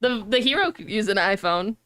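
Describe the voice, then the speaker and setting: A young woman streamer chatting casually, animated and rambling, with frequent swearing. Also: mid-range voice, brisk, clean tone.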